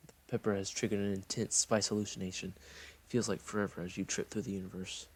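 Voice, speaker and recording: A man's voice: fairly low pitch, level tone, fast talker, breathy edge, soft background music. A man reading a story game aloud, playful and breaking off for jokes.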